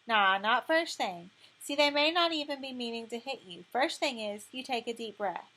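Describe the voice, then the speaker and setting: Streetwise bossy girl, blunt and slangy, slightly high voice, read by a woman narrator. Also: expressive, moderate pace, sharp tone. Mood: brash, bossy. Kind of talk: audiobook reading.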